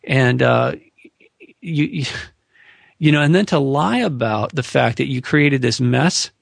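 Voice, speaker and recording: A man's voice: medium pitch, lively intonation, a little slow, gravelly, no echo. A middle-aged man as an interview guest, talking frankly in casual conversation with many restarts.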